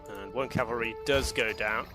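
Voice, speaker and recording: A man's voice: mid-range voice, normal speed, music in the background. A man doing casual live commentary on a strategy game match, rambling loosely and laughing often. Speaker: esports commentator.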